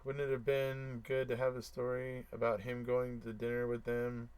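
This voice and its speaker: A man's voice: medium pitch, completely flat delivery, normal speed, a little mellow, clear, resonant tone. A man hosting a casual live stream, reading viewer comments aloud and answering them, who repeats himself for emphasis and chuckles between remarks.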